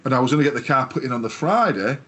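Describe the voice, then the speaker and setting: A man's voice: medium pitch, expressive, racing, sharp tone, muffled recording, a little hiss or hum. A man from England co-hosting a podcast, telling long sweary stories in casual chat. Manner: sweary, rambling storyteller. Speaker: podcast co-host.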